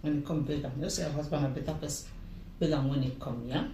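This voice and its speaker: A woman's voice: sits low, fairly even intonation, fast, dark tone, distant mic. This is a woman with a Nigerian accent playing a comic skit scene, and her voice is emphatic and pleading as she slips into pidgin. She stands well back from the mic in a roomy space, and a faint hum of ambience sits under her.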